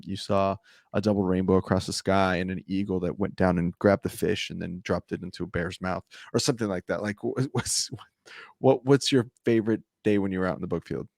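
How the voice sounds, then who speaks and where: Gravelly-voiced man hosting a podcast. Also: deep voice, a little mellow, no room sound, studio quality. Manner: joking, rapid-fire questions. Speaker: podcast host. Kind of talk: casual interview chat.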